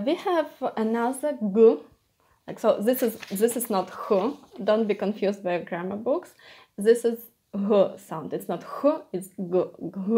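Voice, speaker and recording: Woman, Ukrainian accent, language teacher, slow and careful, mellow tone, repeats sounds for practice. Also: fairly high pitch. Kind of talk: pronunciation lesson.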